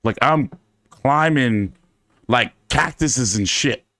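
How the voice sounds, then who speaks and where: A man hosting a casual fan chat, telling stories in an animated, profane way with many fillers. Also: medium pitch, takes it slowly, dry recording. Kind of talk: casual storytelling to a live chat.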